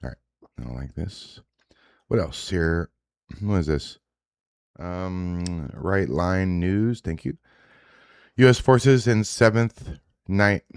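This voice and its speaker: Deep-voiced blunt profane man. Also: slow pace, pauses often, darkish tone, smooth, dry recording, clean studio sound. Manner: blunt, profane, rambling with restarts. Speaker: show host reacting to social media posts. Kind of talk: casual live reaction commentary.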